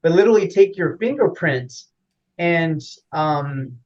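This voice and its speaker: Male interview guest, slightly high voice, rambling with fillers, lo-fi audio. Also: lively intonation, unhurried, darkish tone. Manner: rambling, many fillers and restarts. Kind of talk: casual explanatory interview.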